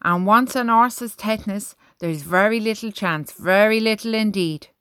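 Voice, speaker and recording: A woman voicing a blunt, gruff male army sergeant. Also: high-pitched, moderate pace, bright, forceful tone, no room sound, clean studio sound, pitched above the performer's own voice. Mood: firm. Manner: blunt, firm.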